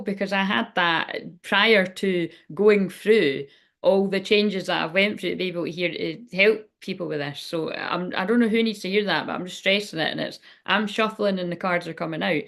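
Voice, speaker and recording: A woman's voice: mid-range voice, a bit bright. A middle-aged woman giving a casual tarot reading, rambling and frank, swearing freely. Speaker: tarot reader. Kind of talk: casual spiritual reading chat.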